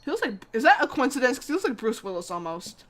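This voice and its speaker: A woman's voice: on the high side, sing-song, fast talker, fairly bright tone. Chatty, giggly woman playing a mystery game. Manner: chatty, giggly, self-mocking asides. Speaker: gamer. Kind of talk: let's-play commentary.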